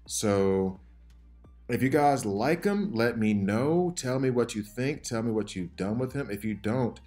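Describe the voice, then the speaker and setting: A man hosting a casual game commentary video, rambling and excitable, jittery from too much coffee. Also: mid-range voice, a little slow, faint music behind. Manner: rambling, excitable, self-interrupting. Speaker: gaming channel host.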